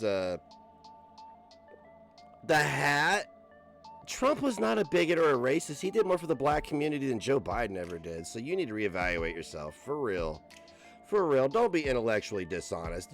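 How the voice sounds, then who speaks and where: A man streaming live, ranting at his critics with heavy swearing and a mocking, combative manner. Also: a bit bright. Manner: profane, combative, mocking, with bursts of high laughter. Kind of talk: angry live-stream rant.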